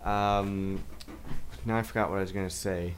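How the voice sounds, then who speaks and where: Smooth-voiced man telling a rambling story. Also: deep voice, normal speed. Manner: rambling, animated when quoting others. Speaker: podcast co-host. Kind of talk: casual storytelling chat.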